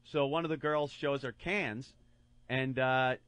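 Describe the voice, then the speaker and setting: A man co-hosting a radio show, telling a crude story with animated delivery and mocking put-on voices. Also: mid-range voice, measured pace, smooth, no room sound. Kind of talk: crude comedic radio banter.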